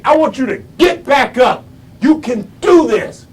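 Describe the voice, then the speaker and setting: A man giving a high-energy motivational speech in a preaching cadence, repeating phrases and breaking into shouts. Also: lively intonation, measured pace, husky, far from the mic. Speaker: motivational speaker.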